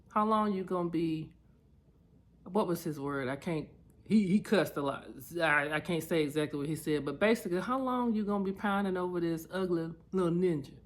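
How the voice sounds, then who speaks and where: A woman sharing personal memories in a reflective vlog, candid and heartfelt, getting lively as she tells stories. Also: low voice. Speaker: vlogger.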